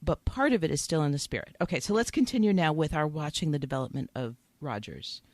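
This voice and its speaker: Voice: mid-range voice, animated, fast, darkish tone, no echo. A podcast co-host in casual chat, retelling TV scenes with a lot of emotion. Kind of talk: casual chat about a TV episode.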